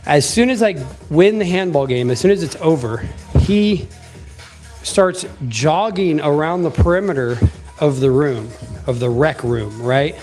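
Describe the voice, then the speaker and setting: Young man, somewhat high voice, lively emphatic storyteller, faint music under him. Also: a little slow. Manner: animated, emphatic, swears casually. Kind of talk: casual storytelling.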